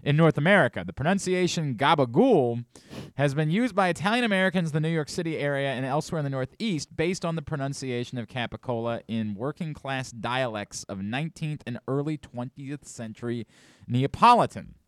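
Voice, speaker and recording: Animated male radio host, dry studio. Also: medium pitch, brisk, no echo. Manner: animated, reads promos with rising enthusiasm. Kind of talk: casual sports radio chat.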